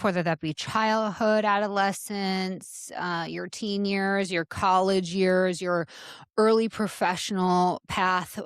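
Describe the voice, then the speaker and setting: A woman's voice: lowish voice, no echo, studio quality. A middle-aged woman hosting a podcast, giving an earnest, encouraging motivational talk to salon and spa leaders. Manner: earnest and encouraging, addresses listeners as "you guys". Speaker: podcast host and salon business coach.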